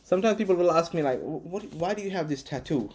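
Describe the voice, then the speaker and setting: A man's voice: fairly high pitch, expressive, fast talker, a little mellow, husky. A man vlogging, telling a personal story casually with many restarts and fillers. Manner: rambling, frequent restarts and fillers.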